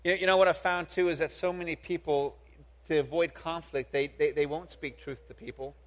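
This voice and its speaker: A young man preaching a sermon as a youth pastor, animated, acting out quoted voices and repeating words as he builds his point. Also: a little high, fairly quick.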